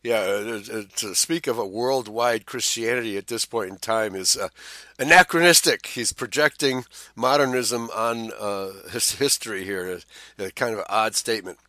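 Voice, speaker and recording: A man's voice: on the low side, normal speed, pushed and bright, no echo. A man co-hosting a Bible study talk, reading a historical text aloud and adding his own remarks, with frequent "uh" fillers. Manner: reads passages with side remarks and frequent "uh" fillers. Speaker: co-host of a Bible study show.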